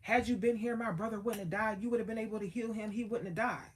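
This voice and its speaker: A woman voicing an aggressive, grieving grown woman who accuses quickly. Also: mid-range voice, fairly even intonation, a little hiss or hum, pitched above the performer's own voice, close to an everyday voice. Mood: accusing. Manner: accusing, rapid.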